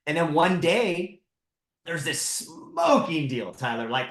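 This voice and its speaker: Guy from socal telling stories on a podcast, kinda high voice, lots of "like" and "right?", echoey room. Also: slow pace. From Southern California. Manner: animated storyteller, acts out quotes, says "like" and "right?" a lot. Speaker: podcast guest. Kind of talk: casual storytelling interview.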